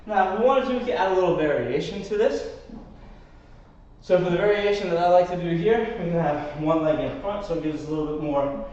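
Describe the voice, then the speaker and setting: A Pilates instructor with a high-sitting, darkish voice leads a live class at a brisk pace while doing the exercises himself, counting reps, coaching, and sometimes running out of breath. The warm studio sound is echoey, distant, and slightly muffled.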